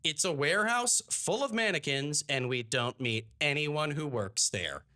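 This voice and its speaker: A man's voice: fairly high pitch, lively intonation, unhurried, sharp tone. A male host giving comedic commentary with sarcastic, joking asides.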